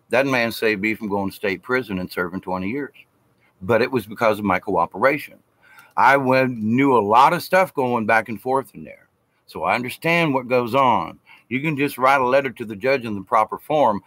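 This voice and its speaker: A man's voice: lowish voice, a bit bright, no room sound. A man telling a story in a casual vlog. He rambles from point to point and hits his words with emphasis. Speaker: vlogger.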